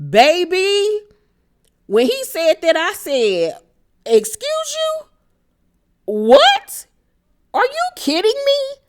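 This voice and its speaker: Animated gossipy woman, low voice. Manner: animated, profane, gossipy, mock-outraged. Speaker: reality TV recap host. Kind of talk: casual gossipy recap.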